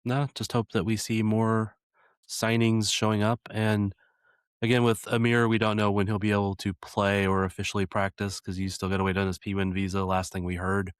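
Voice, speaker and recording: Dry, deep-voiced American man. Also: level tone, moderate pace, clean tone, no room sound. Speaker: podcast co-host. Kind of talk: casual chat.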